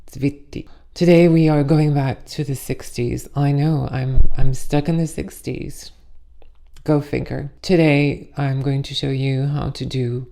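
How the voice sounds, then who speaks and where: Gravelly-voiced woman hosting a makeup channel. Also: a bass voice, warm tone. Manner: playful, jokey asides. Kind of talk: casual talking-head chat.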